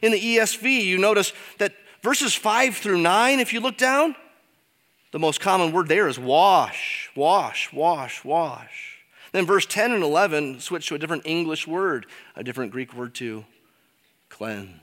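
A pastor preaching a sermon, emphatic at times and dropping to quiet asides. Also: male voice, moderate pace, long reverb tail. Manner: expressive, swings between emphatic peaks and quiet low asides.

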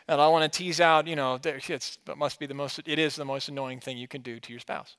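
In a somewhat high voice, a little fast and with hardly any pauses, a pastor works through an expository sermon. He talks conversationally, questions his listeners, and shifts between emphasis and quiet.

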